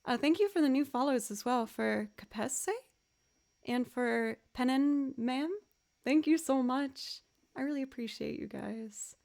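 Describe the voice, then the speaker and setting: A young woman musician chatting casually with her livestream viewers, upbeat and quick to laugh, her voice a little scratchy. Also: high voice, gravelly, darkish tone.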